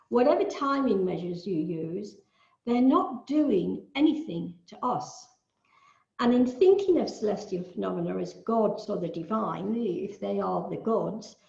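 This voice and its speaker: An older woman from the UK giving a measured online lecture on astrology, explaining ideas with musing asides. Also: on the high side, gravelly, darkish tone. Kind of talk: online talk with shared screen. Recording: echoey, dull lo-fi.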